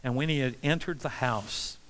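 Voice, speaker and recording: A man preaching a sermon with passion, swinging between loud pleas and hushed, quiet lines. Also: mid-range voice, moderate pace. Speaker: pastor. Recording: long hall reverb.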